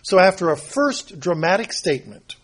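An older man preaching a rambling, homespun sermon, often pausing to clear his throat. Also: high-pitched, sing-song. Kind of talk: folksy sermon.

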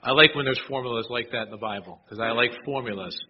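A man's voice: mid-range voice, quick pace, highs cut off, a little hiss or hum. A man preaching a sermon in a conversational way, often asking his listeners rhetorical questions. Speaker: pastor.

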